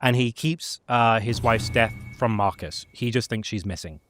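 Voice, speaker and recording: A man's voice: fairly low pitch, moderate pace, a bit bright, soft background music. A man casually recapping a video game's story in a chatty way, with many fillers. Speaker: gaming lore presenter. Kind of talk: casual lore recap chat.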